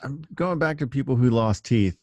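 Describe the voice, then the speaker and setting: A man's voice: medium pitch, animated, moderate pace, darkish tone, no room sound, dull audio. A man hosting a casual chat, chiming in with short, profane reactions and questions. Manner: short interjections, laughing along, profane.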